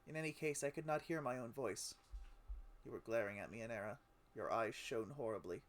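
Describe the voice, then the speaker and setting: A man's voice: mid-range voice, a little fast. Man giving a dramatic story reading. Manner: emotive, with sudden loud outcries on names. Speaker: streamer reading a game story aloud. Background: music.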